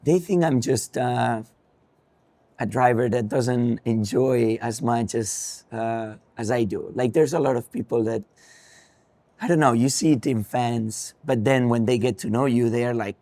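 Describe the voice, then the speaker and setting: A man's voice: mid-range voice, unhurried, dark tone, no echo. A young man with a Spanish accent, a racing driver, answering interview questions thoughtfully with frequent ums and restarts.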